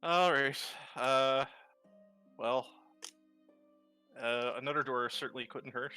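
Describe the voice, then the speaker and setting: A man talks through his moves in a tabletop game, joking as he goes. His voice is bright and clear in a middle register. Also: medium pitch, slow, dry recording, soft background music. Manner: joking, describes his actions. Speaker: player.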